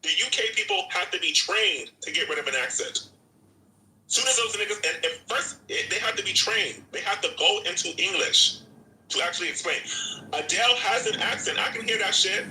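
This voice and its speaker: A man's voice: sits high, fairly quick, pushed and bright, echoey room, slight background noise, rough recording. A man hosting a live audio chat room, ranting in a profane, repetitive way. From Jamaica. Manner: profane, repetitive, talks over himself. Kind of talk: animated rant.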